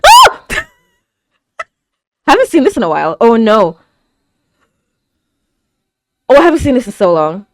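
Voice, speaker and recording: A woman reacts aloud to an anime episode, her high voice leaping all over its range. She gasps, stammers and exclaims nonstop. The sound is close and dry. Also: very animated, brisk, no room sound. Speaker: reaction video host. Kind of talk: live anime reaction commentary.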